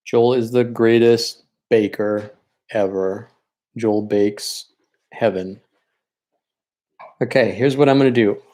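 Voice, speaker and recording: A man's voice: on the low side, fairly even intonation, slow pace, pauses often, warm tone. A man teaching a live-streamed painting lesson, chatty and encouraging as he works, and openly sentimental about his students. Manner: chatty and encouraging, talks while working. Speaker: art teacher leading a paint night.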